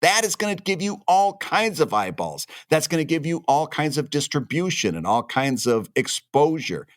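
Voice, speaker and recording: A man's voice: on the high side, big pitch swings, normal speed, no room sound, studio quality. A man co-hosting a cartoonists' podcast, giving emphatic, opinionated advice in casual shop talk.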